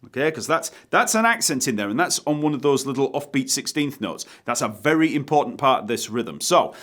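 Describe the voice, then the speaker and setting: Man counting beats in a bass lesson. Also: background noise. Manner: counts beats aloud slowly and rhythmically; relaxed, explanatory, with fillers. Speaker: bass teacher. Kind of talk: online music lesson. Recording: bass guitar playing behind the voice.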